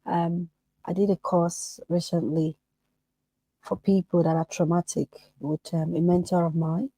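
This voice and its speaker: A woman's voice: fairly low pitch, flat delivery, unhurried, warm tone, dry recording, poor audio. A woman therapist speaking as a podcast guest, earnest and emphatic. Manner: emphatic, acts out quoted voices.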